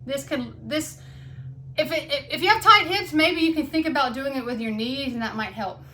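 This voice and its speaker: High-voiced woman leading a hip workout, winded, swears casually, noisy room. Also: normal speed, bright, forceful tone. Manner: chatty, blunt, swears casually, counts reps aloud. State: out of breath. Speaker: fitness instructor.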